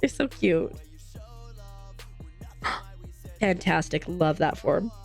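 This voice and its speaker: At home on a desk mic, a young woman hosts a live craft stream, stitching while she chats casually and rambles to her viewers, reading their messages and answering them in a bubbly way. Her voice is fairly low, with lively intonation, and she speaks extremely slowly with a creaky quality. Faint music plays in the background.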